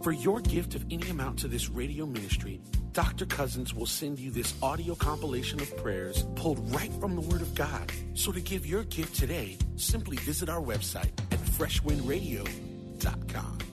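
An upbeat announcer reads a radio ministry promo with a lively, swinging delivery. Loud music plays under the voice throughout, and numbers are spelled out slowly and repeated. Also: medium pitch. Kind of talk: scripted promo read.

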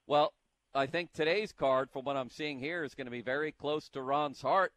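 A man's voice: on the high side, normal speed, fairly bright tone. Upbeat male sports radio host. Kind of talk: energetic radio show hosting.

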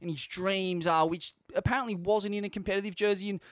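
Australian male podcast co-host, high voice, sweary, rambling, animated. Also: quick pace, no echo, studio quality. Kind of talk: casual chat.

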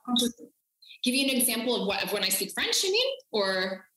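A woman's voice: on the high side, sing-song, fairly quick, sharp tone. American woman chatting in an echoey room. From United States. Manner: chatty, frequent fillers and restarts. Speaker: podcast guest. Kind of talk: casual conversation.

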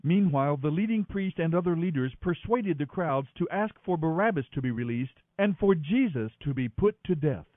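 A man doing a daily Bible reading in an expressive, dramatic manner. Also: on the high side, moderate pace, few pauses, slight background noise. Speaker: scripture reader. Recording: thin phone-like sound, dry.

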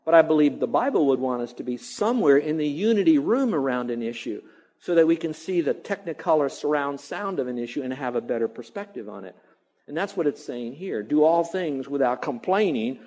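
A man's voice: fairly high pitch, animated, fairly quick, a little mellow, low-quality recording. A man preaching a sermon as a pastor, emphatic and repetitive, now and then mimicking grumbling.

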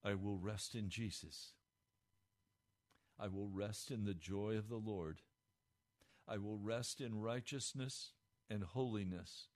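A man's voice: takes it slowly, long pauses, darkish tone. Fervent radio preacher, man. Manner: fervent, rising pitch with emotion. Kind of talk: radio devotional talk. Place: radio studio.

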